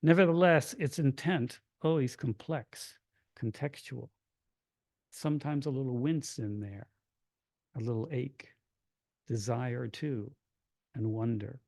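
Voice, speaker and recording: A man from Kentucky, a poet, reading his poems aloud in a hushed, measured way, with brighter chatty asides to an audience between them. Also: medium pitch, no echo. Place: reading event before an audience.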